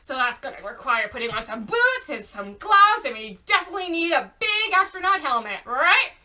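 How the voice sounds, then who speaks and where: A young woman hosting a library storytime from home, talking to parents and babies in a bouncy, animated sing-song. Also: high-pitched, normal speed. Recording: voice a bit far from mic.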